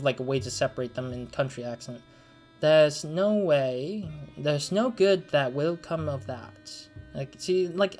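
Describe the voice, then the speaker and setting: A casual let's play host narrates a detective game at a mid pitch, reading its text and then wandering into asides. The delivery is rambling and self-conscious, full of restarts and apologies, with soft music in the background.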